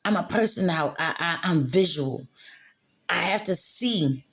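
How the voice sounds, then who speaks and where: A woman's voice: fairly low pitch, animated, unhurried, fairly bright tone. Mother, candid faith monologue; emotional, repetitive, laughs through tears. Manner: spiritual, speaks of God and faith. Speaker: mother sharing her story.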